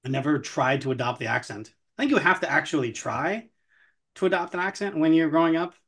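A man co-hosting a podcast in a relaxed, conversational voice. He jokes wryly and swears freely. He is from Memphis. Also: fairly high pitch, brisk, breathy edge. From Memphis, Tennessee, USA. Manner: wry, joking, swears freely. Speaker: podcast co-host. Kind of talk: casual chat.

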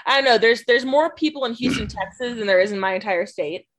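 A woman's voice: on the high side, fast talker. A woman in casual chat, self-deprecating and laughing, often trailing off. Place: lives in a mountain ski town.

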